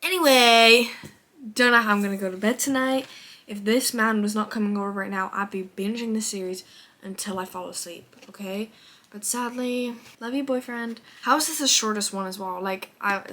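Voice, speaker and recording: Speaking briskly in a fairly bright, mid-range voice, this young book vlogger chats casually about what she's been reading. Her delivery is expressive, full of swearing, and flips from gushing to exasperated.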